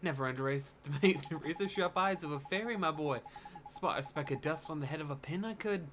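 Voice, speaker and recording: A man's voice: on the high side, a little fast, a bit bright, a little hiss or hum, voice pushed up, lightly acted. A man voicing a cheeky little male fairy sidekick who talks in blustery slang. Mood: cocky.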